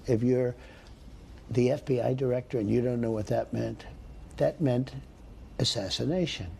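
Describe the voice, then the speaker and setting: A man's voice: mid-range voice, steady tone, moderate pace, vocal fry, warm tone, a little hiss or hum. A man speaking emphatically and accusingly in a clip of a public speech.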